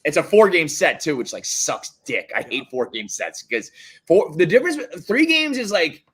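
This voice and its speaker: Animated, bright-voiced male podcast host. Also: on the high side, normal speed, slightly rough. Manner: animated, profane, laughing often. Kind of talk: casual sports chat.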